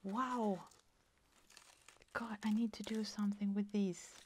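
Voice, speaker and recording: A woman who grew up in Sweden, a native Swedish speaker, chatting slowly and softly in English while she opens a parcel for her crafting vlog. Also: mid-range voice, steady tone, slight background noise. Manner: slow, soft-spoken, delighted. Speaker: crafting vlogger. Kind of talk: casual chat, opening a parcel.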